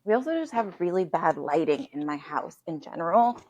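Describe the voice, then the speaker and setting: A woman with a low, dry voice chatting candidly as a podcast host. The audio is a little dull and lo-fi, like a home computer mic on a call. She tells stories with lively, unfiltered energy. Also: a little fast, dry recording. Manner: candid, animated storytelling, swears freely. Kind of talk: casual chat. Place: home, indoors. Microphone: computer mic on a video call.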